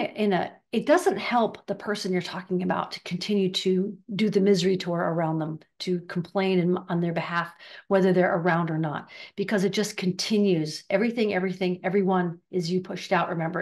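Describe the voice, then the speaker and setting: An older woman giving a casual spiritual talk, chatty and riffing, acting out bits of gossip in quick voices. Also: medium pitch, darkish tone. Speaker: spiritual teacher.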